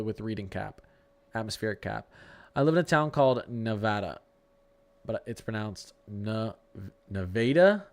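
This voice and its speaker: A man with a fairly low voice hosts a live severe-weather stream, talking his viewers through the radar and the models. His delivery is loose and conversational. He restarts sentences and fumbles over tricky place names. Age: adult with a young son. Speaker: livestream weather host. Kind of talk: casual live-stream weather commentary, answering chat.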